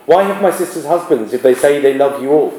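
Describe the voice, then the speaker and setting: A man's voice: medium pitch, animated, fairly quick, warm tone, a little hiss or hum, natural voice. A man reading aloud the part of a firm, plain-spoken young royal woman, in an echoey classroom. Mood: measured.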